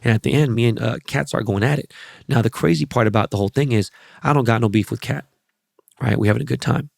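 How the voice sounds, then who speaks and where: Speaking fast in a gravelly, ordinary-pitched voice, a forties-aged man runs a casual podcast monologue full of profanity and rambling, animated stories. His close-miked audio is dry and echo-free.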